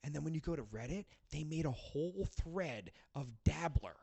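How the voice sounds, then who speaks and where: A man's voice: fairly high pitch, animated, normal speed, creaky, warm tone, breathy edge. A man guest on a podcast, telling rambling, profanity-laced stories in casual chat. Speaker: podcast guest, rock band frontman.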